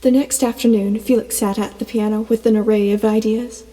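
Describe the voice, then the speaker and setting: A woman reading a storybook narration in a steady, even way. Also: a little high, brisk. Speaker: audiobook narrator. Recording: long reverb, soft music beneath.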